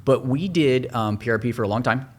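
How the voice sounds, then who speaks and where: A man's voice: mid-range voice, a little fast. A man who works as a hair transplant surgeon, explaining his views in a podcast interview, thinking aloud with frequent restarts.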